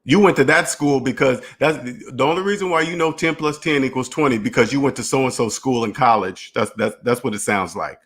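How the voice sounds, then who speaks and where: A man's voice: mid-range voice, a little fast, few pauses, a bit bright. A man hosting a finance channel, talking in a rambling, repetitive solo monologue and acting out imagined dialogues. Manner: repetitive, restarts phrases, emphatic.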